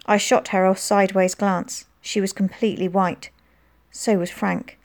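A woman narrating a children's novel as an audiobook, reading expressively and lifting her voice for the characters' lines. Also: normal speed. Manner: expressive, voicing dialogue with lifted pitch.

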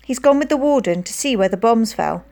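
A woman's voice: on the high side, lively intonation, brisk, vocal fry, darkish tone. A woman voicing a kind, middle-aged aunt who speaks in a soothing, reassuring way in an audiobook. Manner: soothing, comforting. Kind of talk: audiobook character voice.

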